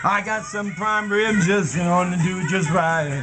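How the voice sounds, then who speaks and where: A man giving a motivational rant as a home cook vlogger, shouting, whooping and half singing his lines. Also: sits high, a little slow, hardly any pauses, over music. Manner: shouting, whooping, sing-song preaching.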